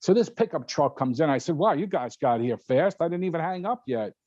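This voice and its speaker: An older man and guest pilot, telling a story in casual talk, animated and laughing often as he acts out other people's voices. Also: on the high side, fairly quick, no room sound. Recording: dull lo-fi sound.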